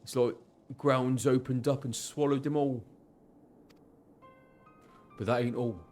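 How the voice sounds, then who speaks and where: A man doing a loud Geordie mercenary. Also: medium pitch, steady tone, slow, faint music behind, close to an everyday voice. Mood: grim. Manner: blunt, loud, folksy mercenary talk. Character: gruff male mercenary company officer. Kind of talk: reading game dialogue aloud.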